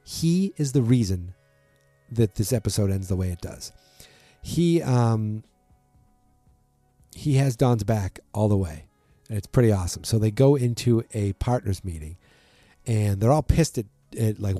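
A man talks through a TV episode in a relaxed, chatty way, slipping into little voices for each character. His tone is very dark and mellow, recorded dry and close. Faint music sits underneath. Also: fairly low pitch, dry recording. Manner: chatty, acts out characters' lines with quick voice shifts. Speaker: show recapper. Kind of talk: casual recap of a TV episode.

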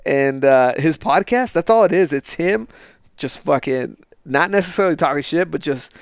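A man's voice: on the high side, animated, normal speed, vocal fry, smooth, dry recording, studio quality. A man co-hosting a podcast in loose, casual chat, swearing freely and laughing often. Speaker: podcast co-host.

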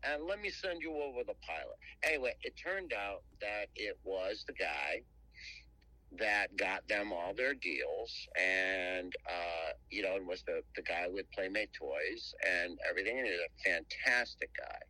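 A man being interviewed as a guest cartoonist, telling stories casually, animated and rambling with many restarts. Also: low voice, unhurried, no echo, poor audio. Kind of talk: casual storytelling.

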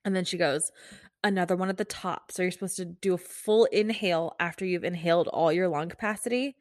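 A woman's voice: lowish voice, a little fast, dry recording, studio quality. A young adult woman, a nurse hosting her own podcast, talking candidly and casually with lots of fillers and restarts. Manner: candid, chatty, full of likes and restarts. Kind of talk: casual solo podcast talk. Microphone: podcast microphone.

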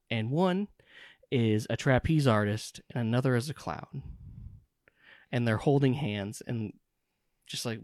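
A man's voice: mid-range voice, darkish tone, no room sound, studio quality. A man narrating as game master of a tabletop game, rambling with fillers. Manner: rambling, lots of fillers and giggles.

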